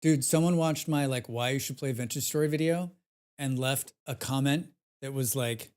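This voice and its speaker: A man chatting casually on a live game stream, rambling with many fillers, reading chat aloud and growing animated as he recounts his play. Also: mid-range voice, moderate pace, clear, resonant tone. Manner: grows animated when recounting gameplay.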